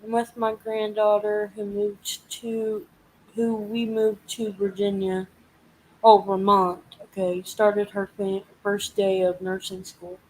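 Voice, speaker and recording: A woman's voice: mid-range voice, flat delivery, slow, darkish tone, a little hiss or hum, rough recording. A woman hosting a casual live chat, venting and swearing as she animatedly retells a frustrating week. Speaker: live stream host.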